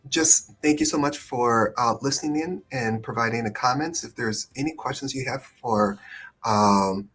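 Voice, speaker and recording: A man hosting a live-stream conversation on immigration, speaking hesitantly with many pauses and fillers over a video call. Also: medium pitch, fairly bright tone. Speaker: immigration attorney, host.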